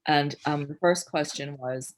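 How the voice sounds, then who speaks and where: A middle-aged woman from New Jersey, a filmmaker guest in a candid interview, blunt and quick to swear, acting out the people in her stories. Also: low-pitched. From Newark, New Jersey, USA. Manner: blunt, swears freely, animated storytelling with voiced quotes.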